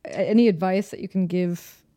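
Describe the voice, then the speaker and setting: A woman's voice: on the low side, moderate pace, dark tone, dry recording. A woman from the United States hosting a podcast, asking curious questions with a self-deprecating touch. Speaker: podcast host.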